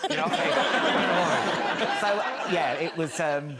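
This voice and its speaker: A man's voice: fairly high pitch, wildly swooping pitch, measured pace, creaky, over a noisy crowd, very noisy. An English man on a talk show sofa, telling comic stories in a camp, giggly way and acting out other people's voices. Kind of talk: comic anecdote.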